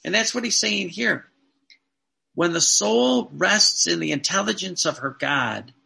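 Gravelly, bright-voiced preaching man. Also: high voice. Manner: earnest, repetitive preaching with rhetorical questions. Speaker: Catholic priest. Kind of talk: sermon.

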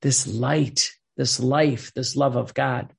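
Gravelly, husky man preaching haltingly. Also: medium pitch, fairly even intonation. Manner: halting, repeats words while searching, earnest. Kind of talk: sermon.

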